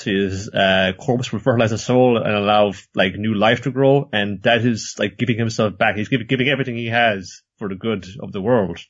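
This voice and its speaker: A man's voice: lowish voice, dull audio. A man co-hosting a podcast in casual chat, rambling and swearing freely. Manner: rambling, swears freely, acts out scenes in voices. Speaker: podcast co-host.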